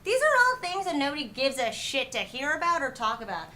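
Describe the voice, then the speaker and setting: A woman's voice: high voice, big pitch swings, fairly quick, pushed and bright, slight background noise. A woman from New Jersey with a Jersey accent, a dating coach guest giving candid, blunt advice in a casual chat.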